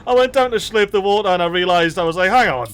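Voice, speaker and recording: A man giving excitable, chatty let's play commentary as a gaming channel host, swearing casually. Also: high voice, fast talker, clean tone.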